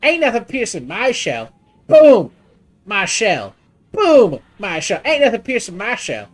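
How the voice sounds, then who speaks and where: A woman voicing a boastful, loud lobster man who keeps repeating one brag in a New Jersey accent. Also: mid-range voice, huge pitch swings, measured pace, voice pushed up.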